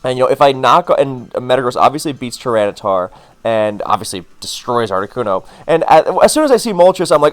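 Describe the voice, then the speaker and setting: A man's voice: medium pitch, very animated, fairly quick. A man casually commenting on his own game, rambling into wry asides with plenty of fillers. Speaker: gaming commentator.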